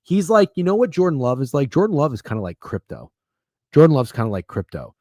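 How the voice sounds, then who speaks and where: Man, sports betting stream host, casual profane rambling, mid pitch, dry close sound. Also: sing-song, fast talker, warm tone, no echo. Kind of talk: casual livestream chat.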